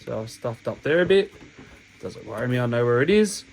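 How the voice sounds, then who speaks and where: A man's voice: medium pitch, lively intonation, brisk, vocal fry, a little mellow, slight background noise, low-quality recording. An Australian man with a sniffly cold, explaining a hobby task step by step in a chatty, rambling way that keeps correcting itself. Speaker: hobby channel host. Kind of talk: casual step-by-step tutorial. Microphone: camera mic while working.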